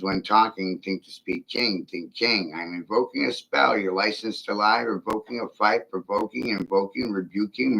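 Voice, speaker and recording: A man's voice: on the low side, creaky, bright, forceful tone, low-quality recording. A man delivering an insistent, profane spoken-word monologue built on chanted, repeating rhymes.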